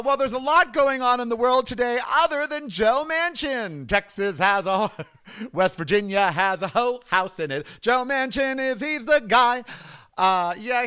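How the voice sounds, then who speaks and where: Campy, animated male podcast host. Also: very high-pitched, clean tone, no room sound. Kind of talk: casual comedic monologue.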